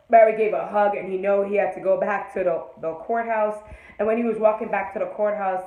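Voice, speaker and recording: A woman giving an excited, profane fan review of a TV episode, acting out the scenes and laughing often. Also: medium pitch, brisk. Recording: echoey room.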